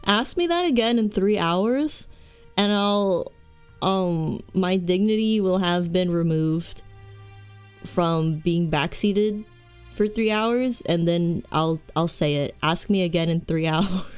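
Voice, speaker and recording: A woman's voice: on the low side, lively intonation, takes it slowly, a little mellow, clear, resonant tone, faint music behind. A young woman streaming a game, chatting in a rambling, goofy, self-mocking way with many restarts. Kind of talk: live game stream chat.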